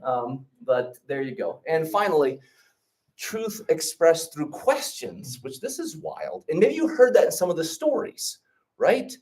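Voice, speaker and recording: Animated guy teaching an orientation class, tells stories, keeps asking okay? right?, voice swings up and down a lot. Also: fairly high pitch, a little slow, recorded from a distance, slight background noise. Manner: animated, checks in often with 'okay?' and 'right?'. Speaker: trip leader and teacher. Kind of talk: orientation talk with storytelling.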